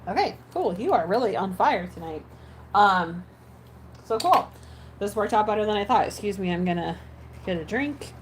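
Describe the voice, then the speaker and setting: A woman's voice: medium pitch, animated, normal speed, a little hiss or hum, low-quality recording. A woman who makes ASMR videos chatting casually while editing, rambling with many fillers and restarts. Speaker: ASMR creator.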